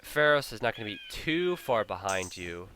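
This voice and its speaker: A man casting a strategy game live, in a bright, forward voice. He keeps up a steady stream of chatty analysis. He sounds openly incredulous at bad plays and laughs at them, with a faint noise floor underneath. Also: fairly low pitch, normal speed. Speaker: game caster. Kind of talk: live esports play-by-play commentary.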